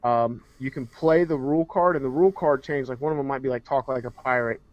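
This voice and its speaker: A man's voice: medium pitch, fast talker, a little mellow, no echo. Male co-host, rambling and hesitant, dry dull lo-fi podcast audio. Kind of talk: casual podcast chat.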